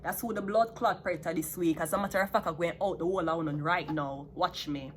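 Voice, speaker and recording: A woman's voice: lowish voice, a little fast, a little hiss or hum. A woman with a Jamaican accent ranting heatedly to her viewers, profane and switching between patois and standard English. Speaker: vlogger. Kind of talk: unscripted rant to viewers.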